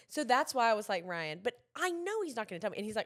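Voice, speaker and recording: A woman's voice: medium pitch, big pitch swings, quick pace, hardly any pauses. A young woman, co-hosting a podcast, who rambles and pokes fun at herself as she tells her side of the story. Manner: rambling, self-deprecating storytelling. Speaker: podcast co-host. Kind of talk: casual chat.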